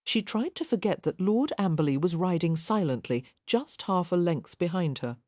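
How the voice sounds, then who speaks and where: A woman reading a historical romance audiobook in a measured, even narration. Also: fairly low pitch, no room sound, clean studio sound. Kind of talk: scripted narration.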